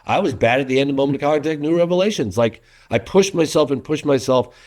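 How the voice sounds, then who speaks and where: A man's voice: a little high, fast. A middle-aged man, a documentary filmmaker, talking casually in an interview and telling stories with lots of restarts. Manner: animated storyteller, many restarts, acts out quotes.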